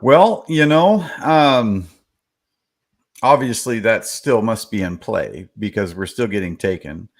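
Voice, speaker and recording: A man's voice: fairly low pitch, expressive, slow. A man co-hosting a talk radio show, meandering with many fillers as he shares his views. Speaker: radio co-host. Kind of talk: casual talk radio discussion.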